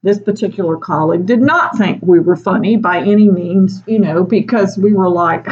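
A woman's voice: mid-range voice, normal speed, hardly any pauses, a little mellow, lo-fi sound. A middle-aged woman, a teacher, casually telling an anecdote in a chatty way, laughing often between phrases. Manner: chatty, laughs often, frequent fillers like "you know".

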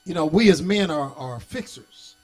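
A middle-aged man preaching a sermon as bishop, folksy and direct with the congregation, rising from easy storytelling into shouted, sing-song preaching. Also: fairly high pitch, animated, normal speed. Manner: folksy, talks back to the congregation. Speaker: bishop and pastor.

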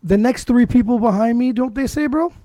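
Guy, podcast co-host, lively storyteller, high and bouncy voice, dry close sound. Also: brisk, dry recording. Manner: animated storytelling, heavy swearing. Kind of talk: casual chat.

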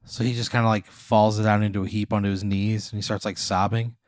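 A man's voice: on the low side, little pitch movement, brisk, no echo, clean studio sound. A man narrating a comedic role-play game as game master, loose and rambling with lots of fillers.

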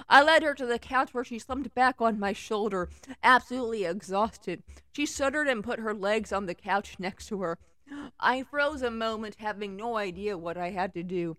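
A young woman casually reading fanfiction aloud, tossing in sarcastic remarks and giggles between passages. Her voice is of middling pitch, and the recording is dry and close, with no room sound. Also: moderate pace, a bit bright, no echo. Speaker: fanfiction reader.

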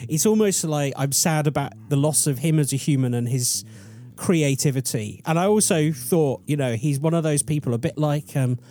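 Mellow man telling a story. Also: fairly high pitch, moderate pace. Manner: chatty, self-deprecating, rambling. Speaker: podcast co-host presenting the story. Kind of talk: casual storytelling chat.

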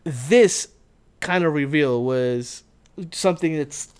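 Smooth-voiced man rambling on a podcast. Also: a little high, slow pace. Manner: rambling, many fillers and restarts. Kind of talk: casual chat.

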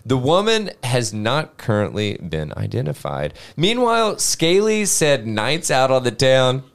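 A man's voice: medium pitch, very animated, measured pace, creaky. A man hosting a casual podcast, reading a news story aloud with jokes and casual swearing.

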